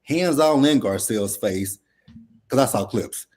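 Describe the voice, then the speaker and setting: A man's voice: mid-range voice, lively intonation, unhurried, a little mellow, husky. A man co-hosting a casual recap chat, blunt, profane and worked up as he talks. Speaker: podcast co-host.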